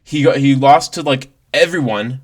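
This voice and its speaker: A man's voice: medium pitch, moderate pace. A man ranting through a casual reaction to a fight, swearing, laughing and leaning on "like" and "bro". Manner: profane, exasperated, laughing, heavy on "like" and "bro". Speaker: MMA commentator vlogger.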